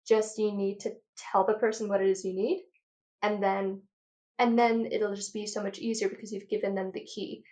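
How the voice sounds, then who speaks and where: Passionate, fast-lecturing woman audiologist. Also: medium pitch, level tone, darkish tone. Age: 30s. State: out of breath. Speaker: audiologist guest. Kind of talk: enthusiastic interview talk.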